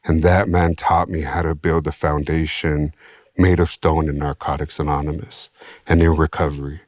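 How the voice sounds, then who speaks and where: A man from San Diego, a podcast guest, telling his own story in an animated, slangy way with free swearing. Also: a bass voice, normal speed, no echo, studio quality. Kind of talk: casual storytelling.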